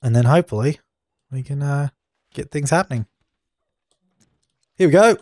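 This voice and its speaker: A man's voice: medium pitch, lively intonation, normal speed, darkish tone, dry recording, studio quality. A young man doing let's play commentary, bossy and exasperated as he scolds the characters on screen. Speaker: gaming channel host.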